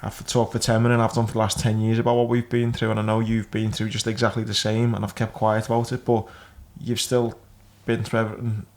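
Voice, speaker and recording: A man's voice: fairly low pitch, completely flat delivery, quick pace, hardly any pauses, darkish tone. Man telling crude funny hospital anecdotes. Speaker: podcast host. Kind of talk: casual chat.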